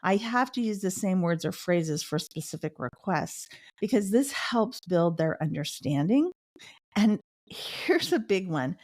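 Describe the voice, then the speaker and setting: Middle-aged woman host, lowish voice, earnest personal storytelling, dry close sound. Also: lively intonation, a little slow, a little mellow, no room sound. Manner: earnest storytelling, with the odd laugh. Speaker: podcast host. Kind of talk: personal advice talk.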